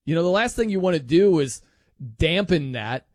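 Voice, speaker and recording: A man hosting a sports radio show, talking in an animated, chatty way with jokey asides. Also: fairly high pitch, moderate pace, no room sound, clean studio sound. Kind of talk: casual radio talk.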